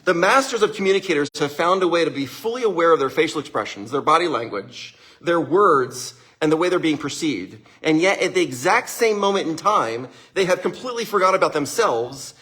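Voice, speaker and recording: A man giving an energetic, conversational motivational talk to live viewers, often checking in with listeners and acting out the people he quotes. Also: a little high. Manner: acts out quoted voices. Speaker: motivational speaker.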